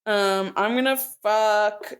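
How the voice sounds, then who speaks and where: A woman's voice: medium pitch, steady tone, slow pace. A woman co-hosting a podcast, talking frankly and crudely with lots of fillers. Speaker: podcast co-host. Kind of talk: casual chat.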